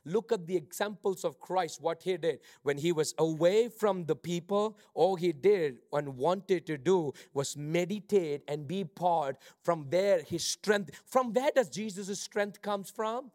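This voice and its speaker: A male pastor delivering a sermon, moving between quiet reflective passages and loud, fervent preaching, with halting restarts when he speaks off the cuff. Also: high-pitched.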